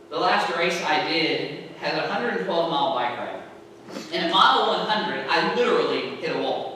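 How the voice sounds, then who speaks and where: A woman's voice: low-pitched, lively intonation, normal speed, bright, forceful tone, a little hiss or hum. A woman pastor preaching a sermon in a conversational way, often checking in with the congregation. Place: large church sanctuary. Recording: echoey sanctuary heard from a distance.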